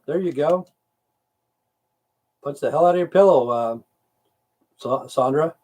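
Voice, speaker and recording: This livestream host, a middle-aged man who served in the military, reads out viewer comments and grumbles back rambling, profane replies. He sounds a little high and a little mellow, speaking somewhat slowly with long pauses.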